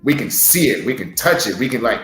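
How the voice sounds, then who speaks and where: A man's voice: mid-range voice, sing-song, fairly quick, fairly bright tone, roomy sound, faint music behind, low-quality recording. A man who co-hosts a podcast and wrestles, earnestly sharing a word of advice and repeating himself as he restarts. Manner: earnest, repetitive, stumbling restarts. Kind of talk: casual motivational talk.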